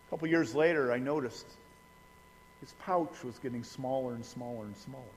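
A man's voice: medium pitch, normal speed, slight background noise. A middle-aged man from Indiana, a pastor telling personal stories in a sermon, folksy and conversational with humorous asides to the congregation. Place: church sanctuary. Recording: long reverb of a church hall.

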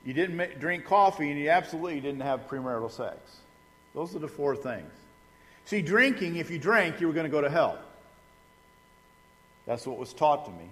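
A man's voice: on the high side, very animated, moderate pace, pauses often, a bit bright. A middle-aged man from Indiana, a pastor telling personal stories in a sermon, folksy and conversational with humorous asides to the congregation. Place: church sanctuary. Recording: long reverb of a church hall.

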